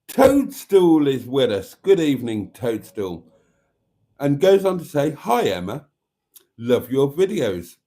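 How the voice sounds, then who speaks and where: A chatty man hosting a live stream, reading viewer comments aloud and joking at his own expense. His pitch rises and falls a lot, and his tone is dark and mellow. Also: wildly swooping pitch, slow pace, pauses often. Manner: chatty, wry, self-mocking, reads out viewer comments.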